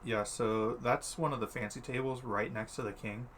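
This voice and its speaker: A man's voice: medium pitch, steady tone, moderate pace, fairly bright tone, a little hiss or hum. A man narrating as game master of a tabletop game, laid-back, with many fillers and easy laughs.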